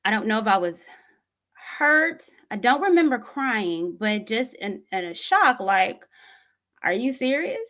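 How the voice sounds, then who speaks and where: A woman, speaking to her viewers in an earnest, reflective way. She tells a personal story at an unhurried pace. Her voice sits in a mid range. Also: medium pitch, expressive, fairly bright tone. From Tennessee, USA. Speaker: vlogger.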